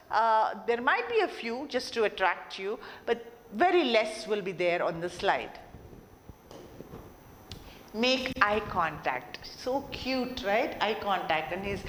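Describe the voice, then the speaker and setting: A woman giving a classroom lecture on communication, explaining and repeating her points and asking rhetorical questions. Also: a little high. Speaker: college lecturer. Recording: long reverb, faint background noise.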